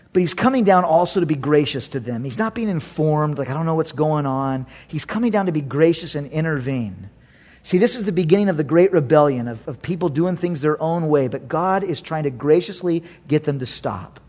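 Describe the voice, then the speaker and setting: A man with a fairly high voice preaching a sermon. He talks in an animated way and slips into sarcastic little acted voices for the people in his story. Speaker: pastor.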